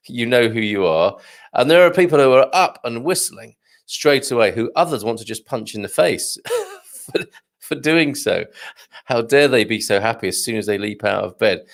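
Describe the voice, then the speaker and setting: A middle-aged man with a gravelly, fry-touched voice hosts a casual live morning show. He reads out viewer comments in a chatty, joking way and chuckles as he goes. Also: medium pitch, lively intonation, normal speed. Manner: chatty and jokey, tells corny dad jokes, chuckles often. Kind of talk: casual live-stream chat.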